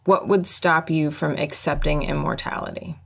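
Low-voiced woman co-hosting a podcast. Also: moderate pace, gravelly, fairly bright tone, slight background noise. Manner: brief agreeing replies, reads questions out. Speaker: podcast co-host. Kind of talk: casual podcast chat.

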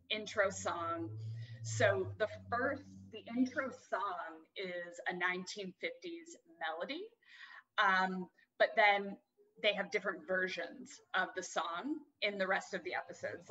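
A woman's voice: medium pitch, bright, forceful tone, muffled recording. A young adult woman co-hosting a podcast, chatting casually and swearing freely as she rants. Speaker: podcast co-host. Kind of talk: casual chat.

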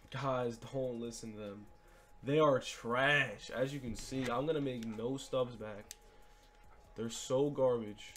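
A young man narrates his card pack opening in an unhurried, drawn-out way. He swings from sudden excited yelps to flat, let-down muttering, with a faint hiss under the voice. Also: mid-range voice. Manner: excitable, dramatic swings between hype and deflated mumbling. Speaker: gaming YouTuber.

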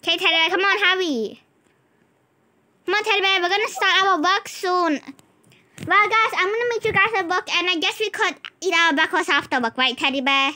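A woman with a high, bright voice narrates a game role-play for her channel. She chats easily, turning between her co-player and the viewers. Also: brisk. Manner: chatty, talks to a co-player and to viewers in turn. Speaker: gaming channel host.

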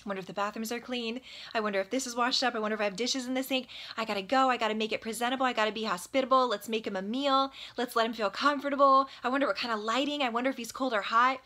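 A flustered hostess rattles off worries at a fast clip, her voice bright and slightly high, as a woman teacher puts her on. She sounds anxious and hurried as she rushes to get everything ready. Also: steady tone. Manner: rapid fretting.

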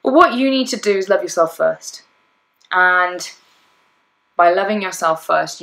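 A woman's voice: fairly low pitch, pushed and bright, rough recording. A woman life coach talking bluntly in a podcast monologue, acting out inner voices as she goes.

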